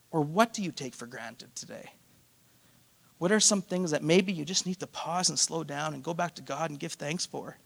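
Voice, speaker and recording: A male pastor with a high voice preaches a sermon, pressing his listeners with one rhetorical question after another. He breaks in with playful asides to the congregation, and his voice rings out with a long reverb in a church hall. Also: normal speed, creaky.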